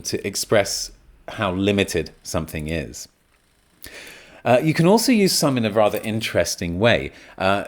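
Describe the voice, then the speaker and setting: A man hosting a podcast, patiently explaining English grammar and repeating his examples as he thinks aloud. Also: fairly low pitch. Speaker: podcast host and English teacher.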